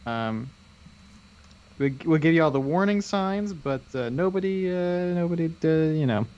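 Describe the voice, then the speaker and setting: A man's voice: a little high, expressive, moderate pace, a little mellow, dull audio. A man co-hosting a casual stream, bantering and laughing easily. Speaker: co-host of a painting stream. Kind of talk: casual chat.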